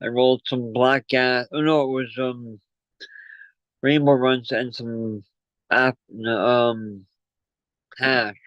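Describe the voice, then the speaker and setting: A man's voice: mid-range voice, steady tone, slow pace, pauses often, a bit bright, no echo. A man hosting a casual livestream, chatty and rambling, out of breath from running up and down stairs. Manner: rambling, chatty, plugging merch. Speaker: livestream host. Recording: dull lo-fi call audio.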